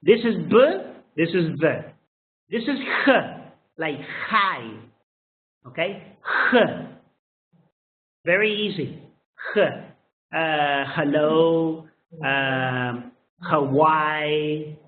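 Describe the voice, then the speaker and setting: Slow-talking man with a tinny phone-like sound. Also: a little high. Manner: slow, drawn-out modeling of sounds with frequent "okay?" checks. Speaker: English pronunciation teacher. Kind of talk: phonetics lesson.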